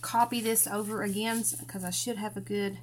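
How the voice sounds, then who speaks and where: A woman's voice: medium pitch, flat delivery, brisk, noisy background. A woman with a Southern US country accent, from Tennessee, chatting folksily while hosting a live craft tutorial and greeting viewers by name. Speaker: craft channel host.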